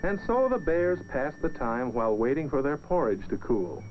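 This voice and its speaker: Lively sing-song male storybook narrator. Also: mid-range voice, moderate pace. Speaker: narrator of an old children's film. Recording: dull lo-fi film soundtrack with music.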